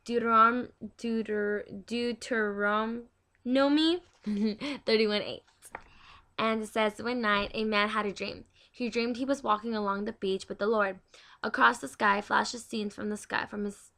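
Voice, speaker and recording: Young woman host, bright tone, casual devotional read, chatty, trips over words. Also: fairly high pitch. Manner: chatty, stumbling over words while reading aloud.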